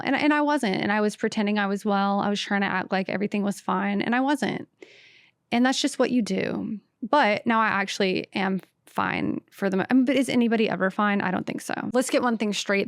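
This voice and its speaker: A woman's voice: mid-range voice, no echo, clean studio sound. A woman from the American South with a light Southern accent, a stand-up comedian hosting her own podcast in a brash, sassy, self-mocking solo rant. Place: podcast studio.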